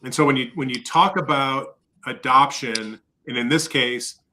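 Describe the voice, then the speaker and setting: Man, podcast guest, casual explaining, upbeat, mid pitch, bright forceful tone. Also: measured pace, slight background noise, poor audio. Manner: explains step by step, lively and upbeat. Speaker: podcast guest, industry leader.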